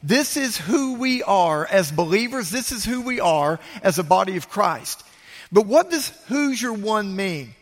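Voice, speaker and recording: A man's voice: sits high, big pitch swings, a little slow. A man preaching a sermon as pastor to a large congregation, emphatic and repeating his key phrases. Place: large church sanctuary. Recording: reverberant church sanctuary.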